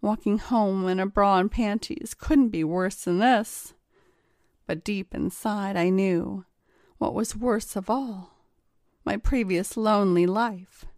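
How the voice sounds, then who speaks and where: A woman narrating an erotic story in a slow, measured storytelling manner. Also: mid-range voice, darkish tone, no room sound, clean studio sound.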